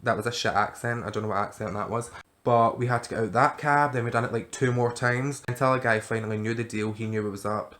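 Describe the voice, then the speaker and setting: A young Glaswegian man telling a rowdy night-out story straight to camera. His voice sits in an ordinary middle register, and he talks in a loose, chatty way with frequent swearing and animated asides to his viewers. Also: mid-range voice, fast. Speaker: vlogger. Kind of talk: casual storytelling vlog.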